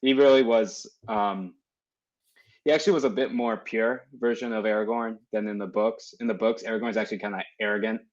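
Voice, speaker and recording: A relaxed man with a low voice, chatting as a podcast guest. He laughs easily, and his audio sounds dull and muffled, as if from a lower-quality mic. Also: fairly quick. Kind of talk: casual movie chat.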